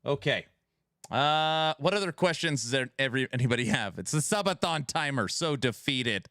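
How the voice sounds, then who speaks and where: Bright-voiced man bantering with chat. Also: mid-range voice, animated, moderate pace, dry recording, studio quality. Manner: bantering with chat, reading questions aloud; sometimes raises his voice. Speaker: streamer hosting a gaming podcast. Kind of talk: casual live-stream chat. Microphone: headset mic.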